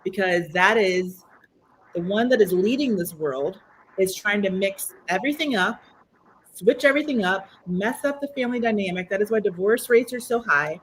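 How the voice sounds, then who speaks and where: A woman's voice: medium pitch, animated, moderate pace, slight background noise, rough recording. A woman on a panel making a preachy, emphatic case on a call. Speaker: panel guest. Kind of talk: opinionated panel talk.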